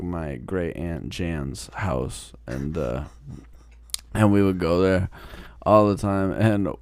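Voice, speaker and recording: A man's voice: low-pitched, no room sound. Swearing storyteller man, dry sound. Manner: swears freely, animated storyteller. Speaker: podcast host. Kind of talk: casual chat.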